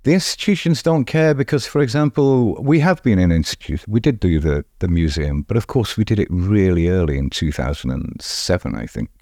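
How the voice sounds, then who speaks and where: A man's voice: low-pitched, expressive, a little fast, hardly any pauses, mellow, no room sound, clean studio sound. A middle-aged man, answering in a podcast interview, emphatic and often repeating words as he restarts. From England. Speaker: street art festival founder.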